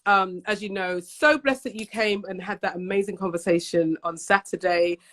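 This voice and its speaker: A woman's voice: medium pitch, moderate pace, a bit bright. Bubbly British woman guest on video call. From United Kingdom. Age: 40s. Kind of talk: casual livestream chat.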